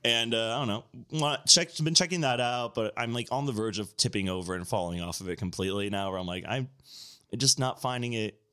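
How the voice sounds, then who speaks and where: A man's voice: lowish voice, brisk, sharp tone, smooth. A man on a podcast chatting casually, rambling and laughing often as he explains things. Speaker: podcast co-host. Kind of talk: casual chat.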